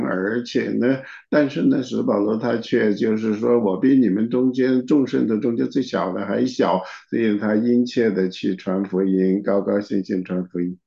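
A man's voice: fairly low pitch, steady tone, normal speed, gravelly, few pauses, dark tone. A man interpreting a sermon, talking steadily with frequent filler particles. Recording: dull, echoey room recording.

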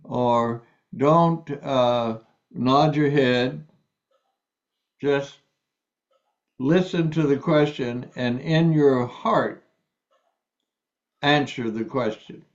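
A man preaching a sermon, reading scripture aloud and explaining it slowly and deliberately, stressing key words. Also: mid-range voice, highs cut off.

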